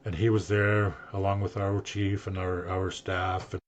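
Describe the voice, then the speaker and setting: An older man on a podcast, earnestly telling a personal story and acting out what people said to him, with a husky voice. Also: deep voice, flat delivery, unhurried, lo-fi sound. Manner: earnest, emotional storyteller who acts out quoted speech. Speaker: guest sharing his story.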